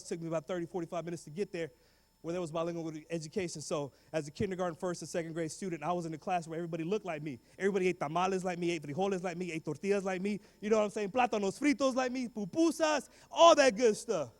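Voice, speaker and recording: A man with a notably high voice gives a motivational talk to students, animated and full of street slang. He acts out other people's voices as he tells his story. The sound rings with the long echo of a big hall. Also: very fast. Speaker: guest speaker.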